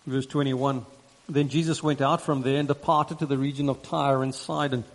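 A man preaching a sermon and reading scripture, earnest and measured, repeating phrases for emphasis. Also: mid-range voice, flat delivery. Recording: long reverb in a large hall.

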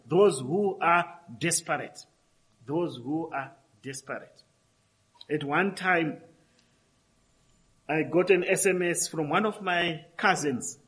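Man, preacher, sermon, slightly high voice, emphatic, repeats phrases. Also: a bit bright, rough recording.

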